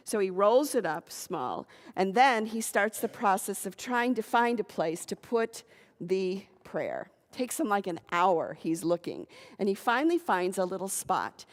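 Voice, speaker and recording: Woman minister telling a sermon story. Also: medium pitch. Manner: conversational, animated retelling with asides. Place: church sanctuary. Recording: long reverb of a church hall.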